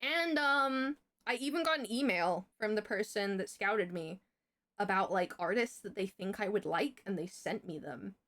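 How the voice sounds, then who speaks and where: A woman's voice: mid-range voice, moderate pace, fairly bright tone. A young woman on a livestream, telling a story in casual chat, chatty and swearing freely. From Britain.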